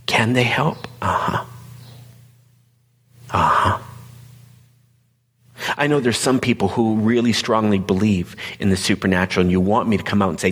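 Very husky man, earnest and hushed. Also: lowish voice, fairly even intonation, moderate pace, pauses often, big-room sound. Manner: earnest, conversational, drops into hushed whispered asides. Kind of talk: personal sermon talk.

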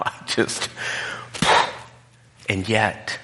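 Bright-voiced male pastor in reverberant hall. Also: lowish voice, unhurried. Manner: candid, emotional personal storytelling. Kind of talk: conversational sermon.

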